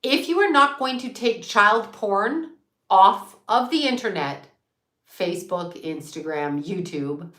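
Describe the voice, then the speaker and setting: A woman's voice: medium pitch, expressive, takes it slowly, pushed and bright, roomy sound. A woman who is a psychic medium, talking in a defiant, profane rant and repeating herself for emphasis on her channel. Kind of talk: ranting livestream chat.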